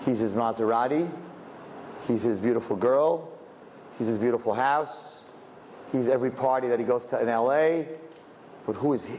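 A man in his fifties telling a story in a lecture, building to emphatic, high exclamations. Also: normal speed, pauses often, a little mellow. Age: 50s. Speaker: religious teacher. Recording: reverberant hall with faint noise.

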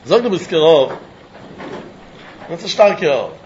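Animated high-voiced Talmud teacher. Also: male voice, moderate pace, slight background noise. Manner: animated, asks rhetorical questions, chuckles often. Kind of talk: Talmud lecture. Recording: dull lo-fi recording.

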